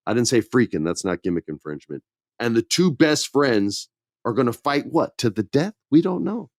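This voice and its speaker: A man co-hosts a casual podcast and retells wrestling segments with animated swings in pitch. He jumps into quick put-on voices for the quotes. The sound is dry and close. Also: dry recording. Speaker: podcast co-host. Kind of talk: casual wrestling recap chat.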